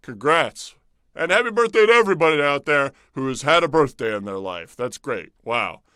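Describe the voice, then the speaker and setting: Bright, jokey young man rambling live. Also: on the high side, lively intonation, brisk, clean tone, no room sound, clean studio sound. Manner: rambling, jokey, with many fillers and mock pleading. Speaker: comedic presenter of a brand livestream. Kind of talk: improvised comic livestream patter.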